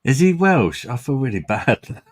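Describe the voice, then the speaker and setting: A man's voice: mid-range voice, sing-song, slow, slightly rough. A man hosting a casual drinking livestream, tipsy, swearing and laughing often. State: drunk. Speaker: host.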